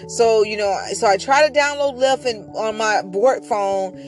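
A woman hosts her own podcast, telling a personal story in a rambling, chatty monologue packed with fillers and frequent, devout mentions of God. Her voice is on the high side, a little slow with few pauses, and faint music plays behind her.

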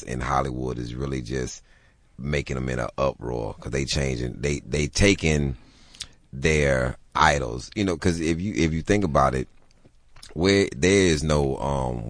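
A man with a very deep voice, a comedian guest on a radio show, talking casually in a dry, deadpan way. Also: no room sound. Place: radio studio.

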